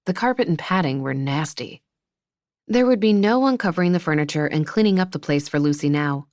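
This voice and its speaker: A woman narrating an audiobook, keeping her reading even and measured. Her voice sits low, and the recording is dry and close with no room sound. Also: no echo. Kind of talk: scripted narration.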